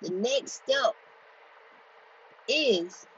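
A woman's voice: on the high side, lively intonation, drawn-out words. Woman, blunt and profane, repeats for emphasis; dull lo-fi recording. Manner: grows louder and more forceful as she goes. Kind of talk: candid monologue on healing. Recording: dull lo-fi recording with faint noise.

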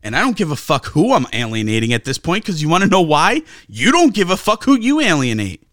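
Male sports-talk co-host, high voice, dry close mic, angry profane ranter. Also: wildly swooping pitch, fairly quick, a bit bright, no echo. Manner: profane, ranting, sarcastic. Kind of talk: heated sports talk rant.

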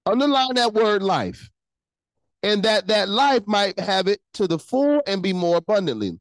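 A pastor preaching a livestreamed sermon, animated and repeating phrases for emphasis while calling out to the online chat. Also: medium pitch, no echo, poor audio.

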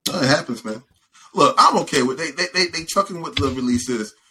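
A man's voice: on the high side, animated, a little fast, bright, forceful tone, a little hiss or hum. A young man co-hosting a podcast, chatting casually and complaining playfully. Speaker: podcast co-host. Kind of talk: casual chat.

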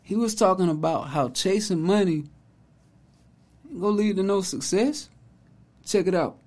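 A man's voice: high-pitched, animated, moderate pace, a little mellow. Emphatic, preachy man hosting a commentary vlog. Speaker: host, commentator.

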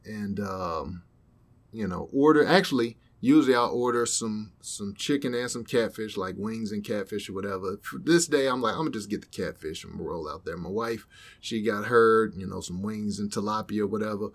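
A man's voice: on the low side, normal speed. A man hosting a podcast, telling a story in a rambling, laid-back way. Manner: rambling, laid-back, many fillers and asides. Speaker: podcast host. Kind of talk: casual storytelling chat.

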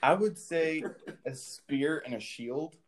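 A man joins casual podcast banter, giggling and hesitating over his words. His voice sits a little high. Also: slow. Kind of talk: casual chat.

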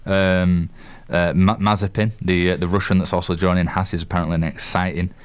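Man, Yorkshire accent, very deep voice, smooth resonant tone, halting casual sports chat. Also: little pitch movement. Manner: halting, lots of fillers and restarts. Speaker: co-host and quiz master.

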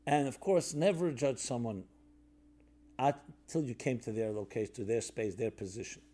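Mellow-voiced man teaching with gentle parables. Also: moderate pace. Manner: reflective, tells parables, drops to a soft low voice for stories; conversational with fillers and restarts. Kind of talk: sermon-style talk.

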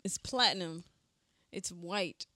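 A young woman co-hosting a podcast in casual chat, playful and quick to laugh. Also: on the low side, bright, forceful tone, no echo, studio quality. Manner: playful, giggly. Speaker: podcast co-host.

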